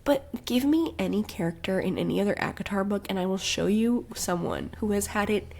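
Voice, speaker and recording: A woman's voice: mid-range voice, expressive, fairly quick, vocal fry, a little mellow, a little hiss or hum. A woman co-hosting a podcast, casually reviewing a book with a sarcastic, profane, laugh-filled manner. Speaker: podcast co-host.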